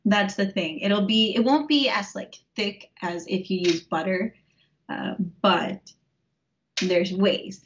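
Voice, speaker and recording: Relaxed woman guest, dull lo-fi sound. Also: mid-range voice, slow, slight background noise. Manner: relaxed, laughs often, many fillers. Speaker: interview guest, home vegan cook. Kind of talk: casual interview chat.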